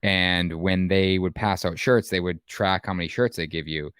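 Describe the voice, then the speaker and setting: Podcast co-host, man, very low voice, easygoing, dry close mic. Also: fairly even intonation, normal speed, fairly bright tone, smooth, no echo. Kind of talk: casual podcast chat.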